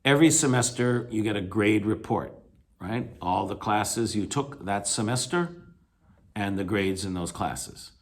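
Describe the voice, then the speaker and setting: Speaking a little slowly at a fairly low pitch, a male English teacher records a video lecture. His explanations are full of fillers and self-corrections, and he stresses the key points in an emphatic, encouraging way.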